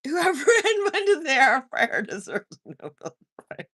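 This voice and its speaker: With a high, bright, forceful voice and big pitch swings, this livestream host speaks a little slowly as she reads viewer comments in a casual live chat. She teases, laughs often and sings short snippets, and the sound is clean studio audio with no room sound.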